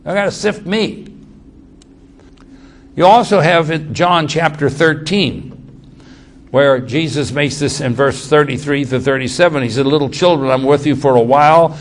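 A man preaching a sermon, reading scripture aloud and acting out the quotes with sudden swings in loudness and pace. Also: on the high side, normal speed. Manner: dramatic quoting of scripture, shifting loudness and pace.

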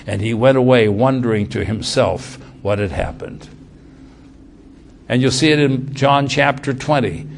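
Gravelly-voiced man preaching dramatically. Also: mid-range voice. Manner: dramatic, swinging from loud to hushed; reads scripture aloud and comments. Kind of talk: sermon.

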